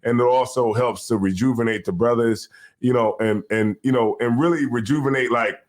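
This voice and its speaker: A man's voice: medium pitch, a little fast. A man hosting a casual live podcast, with a hype roll-call delivery and lots of "you know" fillers. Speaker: host.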